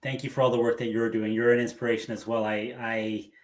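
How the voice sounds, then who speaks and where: A man's voice: medium pitch, flat delivery, quick pace, roomy sound, slight background noise. A man, a doctor, speaking as a podcast guest in an earnest, hopeful way, with hesitant restarts. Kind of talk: casual interview conversation.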